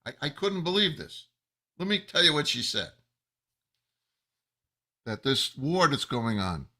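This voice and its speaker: A man giving an angry, emphatic monologue as a rabbi, slow and building to loud outbursts. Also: mid-range voice. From United States. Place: New Jersey.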